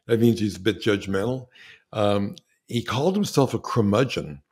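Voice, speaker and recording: Man, filmmaker guest, fairly low voice, enthusiastic and animated, casual interview chat. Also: moderate pace, slightly rough. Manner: animated, enthusiastic, with frequent restarts and acted-out quotes.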